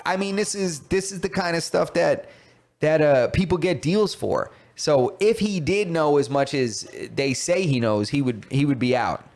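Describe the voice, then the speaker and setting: A man's voice: fairly high pitch, normal speed. A young man co-hosting a podcast, chatting casually and acting out quotes in a raised, laughing voice. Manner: animated storytelling, acts out quotes in a raised voice with laughs. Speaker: podcast co-host. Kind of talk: casual chat.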